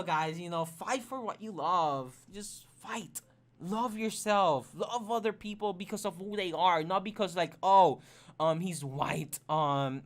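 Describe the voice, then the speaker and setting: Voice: mid-range voice, a bit bright. A streamer speaking earnestly to a live chat, emotional and close to tears, rambling with many fillers and restarts.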